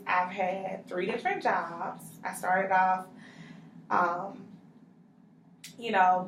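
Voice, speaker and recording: A young woman speaking as a client in a counseling role-play, frustrated and halting, with many fillers. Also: medium pitch. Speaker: counseling client in a practice session. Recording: roomy, mic from far off, faint noise.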